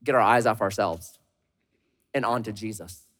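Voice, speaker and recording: A man preaching a sermon as a pastor, animated and dramatic, swinging from loud bursts to hushed, low asides. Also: moderate pace, in a large hall.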